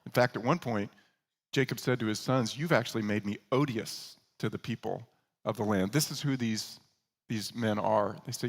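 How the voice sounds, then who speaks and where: A man preaching a sermon as pastor, telling a story with animated delivery and acting out the characters he quotes. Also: fairly low pitch, normal speed, in a large hall.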